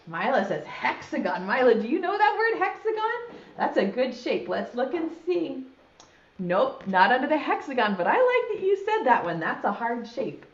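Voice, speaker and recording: A woman teaching preschoolers online, speaking slowly and encouragingly during a story time. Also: sits high, very animated. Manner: slow, sing-song, encouraging. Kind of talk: storytime for young children. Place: indoor room, streamed live online. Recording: dull echoey room sound.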